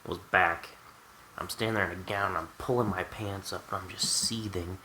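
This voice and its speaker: A man's voice: low-pitched, fairly even intonation, normal speed, heavy background noise. A man telling a candid, wry personal story to the camera in a storytime vlog. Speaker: vlogger.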